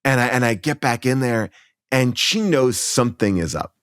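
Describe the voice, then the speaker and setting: A man's voice: mid-range voice, expressive, moderate pace, fairly bright tone, clean tone, no room sound, studio quality. A man in his forties, a podcast guest, telling a funny childhood story with lots of fillers and restarts, acting out his own lines. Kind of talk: comic storytelling.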